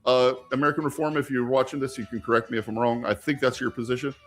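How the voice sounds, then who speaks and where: A man's voice: medium pitch, fairly even intonation, fast, fairly bright tone, faint music behind. A man hosting a casual live stream while gaming, rambling with many fillers and turning emphatic when he argues.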